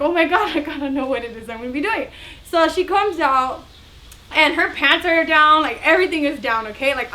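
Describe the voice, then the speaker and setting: A young woman telling a story in a casual vlog, chatty and animated, acting out the other people's voices. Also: sits high. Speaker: vlogger.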